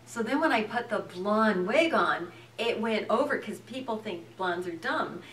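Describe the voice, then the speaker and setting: A woman actress telling lively anecdotes in a casual interview, laughing often. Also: mid-range voice, a little slow, reverberant, recorded from a distance. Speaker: actress, guest.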